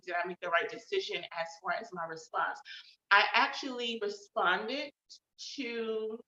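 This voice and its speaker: A woman's voice: medium pitch, pushed and bright. A woman hosting her own show, talking casually and reflectively about how she is feeling, with many fillers. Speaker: host. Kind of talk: casual personal check-in talk. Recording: roomy, slightly dull sound.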